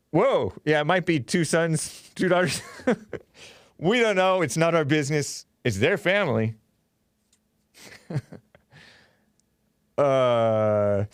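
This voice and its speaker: A male talk show host delivers opinionated commentary in a sarcastic, rambling way, laughing at his own asides. His voice sits in an ordinary middle range. The sound is dry and close, with no room echo. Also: medium pitch.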